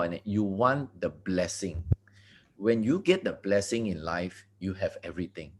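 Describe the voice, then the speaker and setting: A man from Malaysia with a Malaysian English accent, giving an excited motivational talk full of asides and repeated words. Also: fairly low pitch. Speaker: network marketing leader. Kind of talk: motivational talk on a video call.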